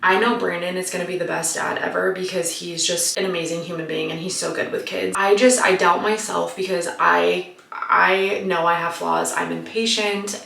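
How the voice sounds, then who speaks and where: Chatty late-20s woman answering questions, bit of vocal fry, echoey room. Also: on the low side, a bit bright. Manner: chatty, uses "like" often, laughs easily. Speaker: vlogger answering viewer questions. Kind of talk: casual Q&A chat. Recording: roomy, mic at a distance.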